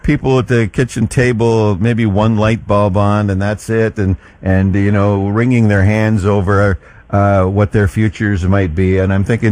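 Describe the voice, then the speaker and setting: A man's voice: fairly low pitch, little pitch movement, measured pace, darkish tone. A man hosting a talk radio show, folksy and chatty with frequent fillers.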